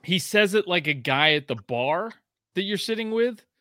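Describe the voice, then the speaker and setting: A man's voice: sits high, normal speed, no room sound, clean studio sound. A man in casual chat, rambling and profane, full of fillers and restarts, voicing quotes as he tells stories. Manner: animated storytelling with voiced quotes.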